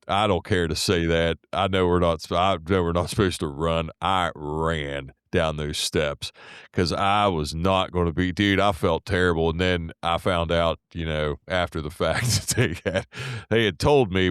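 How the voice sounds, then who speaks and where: Male co-host, very deep and smooth voice, loose rambling storyteller, dry sound. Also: steady tone, unhurried, fairly bright tone, no room sound. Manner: rambling storyteller with restarts, swears, laughs. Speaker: podcast co-host, delivery driver. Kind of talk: casual podcast chat.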